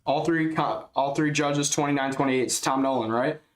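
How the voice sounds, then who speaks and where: A man streaming casual live fight commentary, excitable and rambling as he thinks out loud. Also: a little high, moderate pace.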